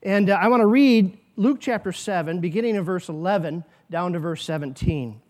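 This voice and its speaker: A man with a high voice preaches a sermon to his congregation. He speaks earnestly, poses rhetorical questions and acts out quoted asides. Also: moderate pace. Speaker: pastor.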